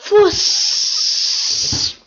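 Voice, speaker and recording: A woman giving excitable, chatty commentary over her own gameplay video, repeating phrases over and over. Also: drawn-out words, highs cut off, a little hiss or hum. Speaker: gaming video host.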